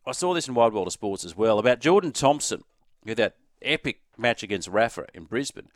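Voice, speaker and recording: An Australian man hosting sports talk radio, chatting quickly and inviting listeners to send in texts. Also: mid-range voice, expressive, no echo, studio quality. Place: radio studio. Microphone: studio microphone.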